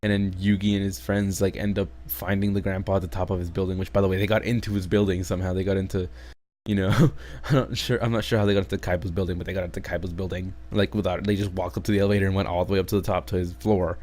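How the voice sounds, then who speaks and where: Deep-voiced male host, loose profane rambling review chat. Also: level tone, fast, darkish tone, slight background noise. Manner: rambling, swears heavily, laughs in disbelief. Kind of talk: casual chat.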